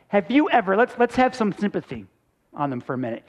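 High-voiced man preaching a sermon. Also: very animated, fast talker, darkish tone. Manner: conversational preaching with rhetorical questions. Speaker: pastor.

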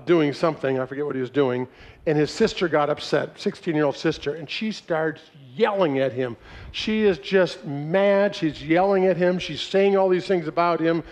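Middle-aged guy preaching, chatty storyteller, laughs a lot, high voice, kinda muffled recording. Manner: folksy, animated storytelling with frequent laughs. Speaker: speaker on marriage. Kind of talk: sermon-style talk. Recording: dull lo-fi recording.

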